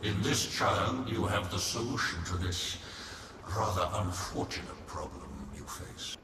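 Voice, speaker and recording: A deep, unhurried voice of a wise old councillor speaks in grave, measured pronouncements. It sounds far off in a long, echoing hall. Game music plays beneath. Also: male voice, background noise. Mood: solemn. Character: solemn wise male council elder. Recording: distant echoey game audio with music.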